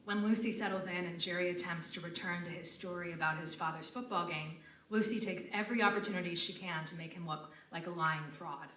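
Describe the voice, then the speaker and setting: Lower-voiced woman reading a lecture, roomy. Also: fairly even intonation, a bit bright. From United States (Connecticut). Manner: measured, formal delivery of written prose. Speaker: lecturer presenting a paper. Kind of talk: reading a prepared academic lecture. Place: university lecture room. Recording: roomy and distant lecture-room sound.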